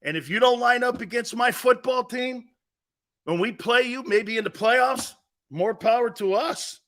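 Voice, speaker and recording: This sports talk host has a very high-pitched, somewhat bright voice and takes his time. He rants bluntly and combatively in classic opinionated radio style, doing impressions to ridicule views he disagrees with.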